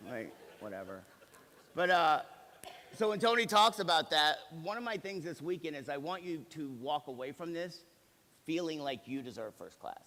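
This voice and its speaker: A man's voice: fairly high pitch, normal speed. A man in his forties, a company executive, giving a motivational seminar talk and acting out the dialogue in his stories. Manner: animated storyteller who acts out quoted dialogue. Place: large hall with live audience. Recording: reverberant hall sound.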